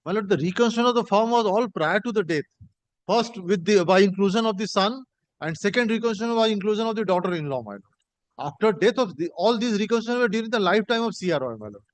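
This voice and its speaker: A man arguing a case in a courtroom, halting and repeating "my lord" while reading from a judgment. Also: high voice, lively intonation, dry recording, low-quality recording. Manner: halting, addresses the bench as my lord in nearly every phrase; reads passages from a judgment aloud. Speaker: advocate arguing an appeal. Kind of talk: courtroom argument.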